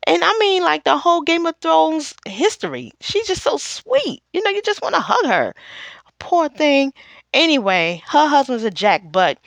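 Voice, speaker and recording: A woman's voice: high voice, fairly bright tone, no echo. A woman recapping and reviewing a TV episode in a casual, chatty way, acting out the characters' lines as she goes.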